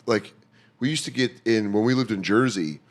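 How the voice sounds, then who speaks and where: A man's voice: lowish voice, moderate pace. A man chatting casually on a podcast, telling stories and acting out quoted voices along the way. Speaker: podcast guest, comedian. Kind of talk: casual chat.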